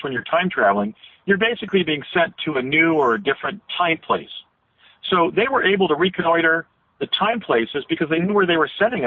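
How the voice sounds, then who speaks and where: Man talking over a tinny phone line. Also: a little high. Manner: long rambling recollections with frequent restarts. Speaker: interview guest. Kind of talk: radio interview storytelling.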